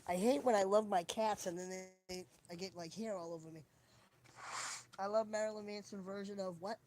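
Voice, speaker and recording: A woman talks loosely on a home live stream, drifting from one thought to the next as she hunts around her room. Her voice sits at a middle pitch and comes through a phone mic with a faint hiss behind it. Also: steady tone, fairly quick, a little mellow. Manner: chatty, wandering, searches while talking. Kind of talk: rambling casual live stream chat. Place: at home, indoors.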